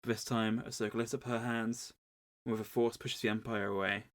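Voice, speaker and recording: Male podcast co-host, wry deadpan recapper. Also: on the low side, a little fast. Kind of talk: casual book recap.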